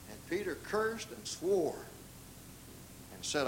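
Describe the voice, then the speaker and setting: With a Southern US accent, an older man delivers a dramatic sermon, performing quoted voices through big leaps in pitch. He speaks at a moderate pace with lively intonation and long pauses, and the audio is poor.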